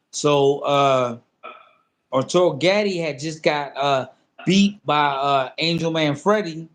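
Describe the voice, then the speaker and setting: A man's voice: fairly high pitch, slow, pauses often. A man in his fifties, a former boxer, telling a story in a casual sit-down interview, acting out phone calls and talking loosely with lots of fillers. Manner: animated storyteller who acts out both sides of a phone call; loose, repetitive phrasing with many fillers.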